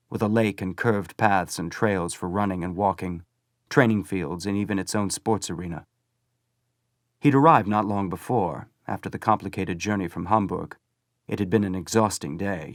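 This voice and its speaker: A man reading a novel aloud as an audiobook narrator, measured and steady. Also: sits low, dry recording, clean studio sound. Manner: measured storytelling. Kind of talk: scripted narration.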